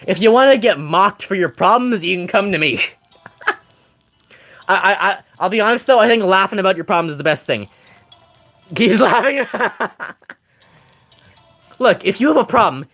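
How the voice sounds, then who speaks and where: A man's voice: high-pitched, a bit bright. A man streaming a game, chatting casually with his chat, rambling and joking with frequent laughter. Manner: rambling, jokey, laughs often. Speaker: gaming streamer.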